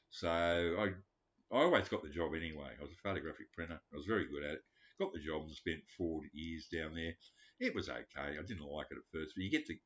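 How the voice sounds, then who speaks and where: A man's voice: sits low, fairly bright tone. A man, telling rambling personal stories full of swearing and fillers. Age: 70s. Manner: profane, meandering, frequent fillers. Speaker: vlogger. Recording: dull lo-fi recording.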